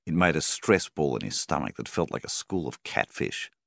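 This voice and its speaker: A man narrating a story in a measured, steady reading style. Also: rumbling low, vocal fry, dry recording, studio quality. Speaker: audiobook narrator. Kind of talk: scripted narration.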